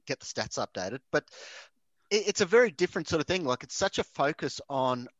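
A man's voice: fairly high pitch, big pitch swings, brisk, fairly bright tone, no echo, lo-fi sound. A man co-hosting a motorsport show, musing curiously about sponsorship. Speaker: co-host. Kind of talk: casual chat.

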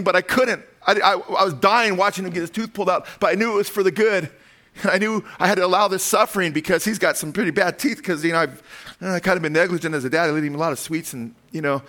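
A preacher doing a flustered, negligent father in a high, strained voice that stammers defensively. His words come out in a rush of excuses, louder than the preacher's own voice.

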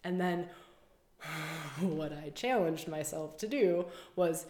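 A woman's voice: deep voice, slow pace, a little mellow. Earnest woman coach in a roomy space. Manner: earnest, flowing, repeats phrases, laughs often. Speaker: spiritual coach and podcast host. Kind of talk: intimate spiritual talk. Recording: roomy echo.

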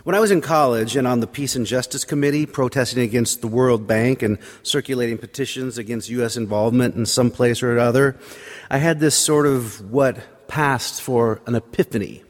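A man's voice: medium pitch, a little fast. A man preaching in a church, telling a wry, self-deprecating personal story. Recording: long hall reverb.

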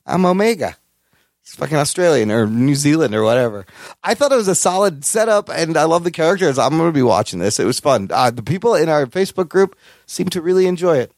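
A man co-hosting a podcast in casual chat, profane and enthusiastic, with animated swings in pitch. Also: fast talker, no echo, studio quality. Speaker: podcast co-host.

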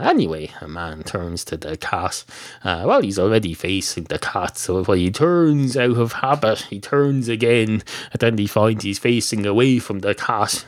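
A man's voice: lowish voice, dry recording, clean studio sound. Rambling Irish man telling a comic tale. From Ireland. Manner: rambling, deadpan, self-correcting. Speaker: podcast host.

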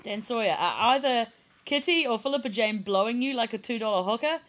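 A woman's voice: fairly high pitch, lively intonation, fairly quick, a bit bright. A woman co-hosting a podcast, giggling often and teasing with bawdy jokes. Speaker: podcast co-host. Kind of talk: casual chat.

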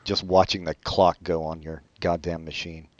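A man co-hosting a podcast in casual chat, joking in a sarcastic, deadpan way. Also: sits low, moderate pace, no room sound, dull audio. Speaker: podcast co-host.

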